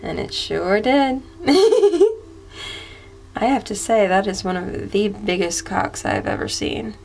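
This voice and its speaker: Whispered role-play: woman as a soft, teasing masseuse, faint music behind. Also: mid-range voice, normal speed, gravelly. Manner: soft, doting, teasing with frequent giggles. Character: affectionate flirty female masseuse. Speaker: masseuse character.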